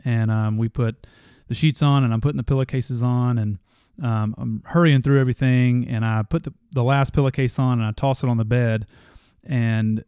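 A man's voice: medium pitch, darkish tone, clear, resonant tone, no room sound, studio quality. Earnest man hosting a motivational podcast. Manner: earnest, gets passionate. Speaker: podcast host.

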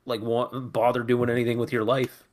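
A man's voice: mid-range voice, monotone, normal speed. A man co-hosting a casual movie review chat, easygoing and chiming in with short remarks. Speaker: podcast co-host.

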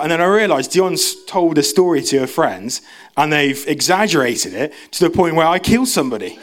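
A young man gives a relaxed sermon in a church. His talk is chatty and full of restarts. He jumps into a higher voice when he plays out the people in his stories. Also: a little fast, hardly any pauses. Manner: chatty, self-interrupting, acts out quotes in a high voice. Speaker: preacher. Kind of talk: casual sermon.

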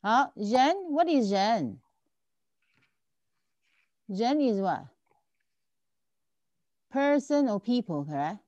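Tutor, woman, lively up-and-down voice, patient and repetitive, dull dry sound. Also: a little high, drawn-out words, pauses often, no room sound. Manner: patient, repeats and checks understanding often. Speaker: Chinese language teacher. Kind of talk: online tutoring lesson.

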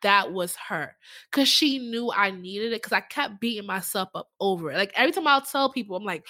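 A young woman in casual conversation, telling an emotional personal story with animated voices for the people in it. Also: medium pitch, fairly quick, dry recording. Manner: emotional, animated, acts out voices in her stories.

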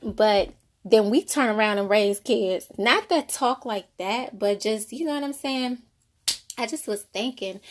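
A woman in her thirties, a mother of two, talking casually about parenting and faith in a rambling, conversational way. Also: mid-range voice. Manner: conversational, rambling, frequent "you know". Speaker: mother sharing parenting thoughts. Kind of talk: casual faith-based monologue.

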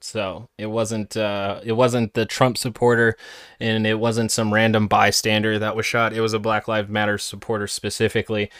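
A man's voice: on the low side, flat delivery, normal speed, fairly bright tone, smooth, no room sound, clean studio sound. A man hosting a podcast, commenting sarcastically on played clips in a casual way. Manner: sarcastic, mocking impressions. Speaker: podcast host.

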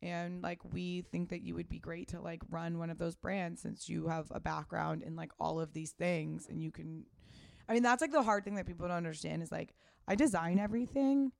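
A woman in her thirties chats as a guest, rambling through her story with lots of fillers and a casual swear here and there. Her voice is smooth and clear, and the recording is dry and close. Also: lowish voice, fairly even intonation, brisk, dry recording. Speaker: guest, fashion brand founder. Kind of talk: casual interview chat.

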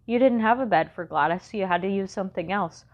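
A woman voicing a patient mother who explains slowly, a little exasperated, in an audiobook. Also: mid-range voice, lo-fi sound, close to an everyday voice. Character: patient mother reading scripture, mildly exasperated. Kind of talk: audiobook character voice.

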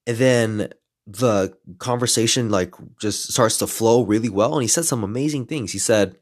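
A man in his twenties, a podcast host telling a story in casual, lively style, adding some playful swearing. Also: fairly low pitch, moderate pace. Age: 20s.

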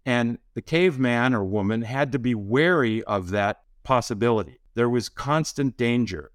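Doctor guy on a podcast, explains things slow and calm, mid voice, no room echo. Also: medium pitch, clean studio sound. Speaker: podcast guest, physician. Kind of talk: conversational interview.

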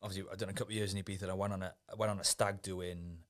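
A man's voice: low-pitched, flat delivery, rapid-fire. A man chatting casually on a podcast, telling laid-back anecdotes and swearing freely. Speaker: guest, former Ibiza events worker. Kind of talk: casual podcast chat, storytelling.

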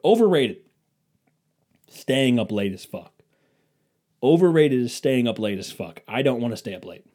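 A man's voice: mid-range voice, expressive, normal speed, pauses often, warm tone. A young man hosting a casual comedic rant, sarcastic and profane, slipping into mocking impressions of people.

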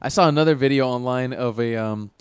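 Fast-talking young man, dry close mic. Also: medium pitch, clear, resonant tone, dry recording. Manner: animated storyteller, acts out voices. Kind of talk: casual podcast chat.

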